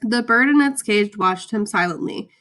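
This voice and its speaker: Bright-voiced woman reading a story. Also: medium pitch, normal speed. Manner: clear, expressive storytelling. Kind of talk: storybook read-aloud.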